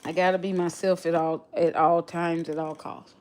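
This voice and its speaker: A woman's voice: lowish voice, little pitch movement, normal speed, a little mellow. A woman with a regional accent chatting casually on a livestream, reflective and often repeating and restarting her phrases. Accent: non-local regional accent. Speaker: livestream host.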